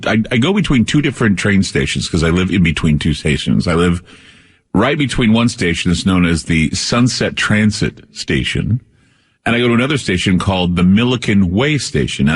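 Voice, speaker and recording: A man's voice: sits low, slightly rough, big-room sound. A man hosting a radio talk show, telling a rambling personal story with many restarts.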